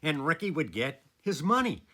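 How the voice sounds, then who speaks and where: Animated man. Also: on the high side, normal speed. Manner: animated, chuckles between lines. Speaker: former teacher telling a story. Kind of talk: casual spoken storytelling.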